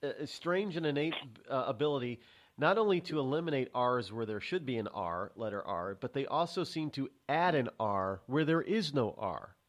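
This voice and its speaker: A man's voice: mid-range voice, lively intonation, moderate pace. A man hosting a casual talk show, rambling with many restarts and fillers as he tells stories. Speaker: host. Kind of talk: casual chat.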